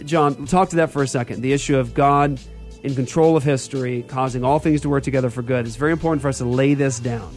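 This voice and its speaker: A man's voice: mid-range voice, fairly even intonation, fast, darkish tone, soft background music. A man hosting a church talk show, teaching theology in an emphatic style and repeating key phrases.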